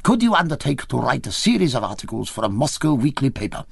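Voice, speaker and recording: A man's voice: medium pitch, very animated, fast, creaky, slightly rough, no room sound, studio quality, exaggerated voice. A man voicing a fussy, unshaven Russian revolutionary who scolds and gives firm instructions, in a storybook reading. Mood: businesslike.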